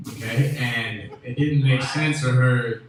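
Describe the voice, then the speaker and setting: A man from Memphis doing a stand-up comedy set, rambling and restarting, with loud bursts on his punchlines. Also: medium pitch, steady tone, takes it slowly. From Memphis, USA. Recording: echoey room with faint ambient noise.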